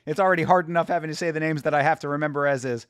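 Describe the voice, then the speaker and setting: A man hosts a fight watch-along stream, joking loosely with chat and swearing a lot as he reacts to the fights. His voice is on the high side, fairly bright, clear and resonant, with fairly even intonation. He races along, and the sound is clean studio quality with no room sound.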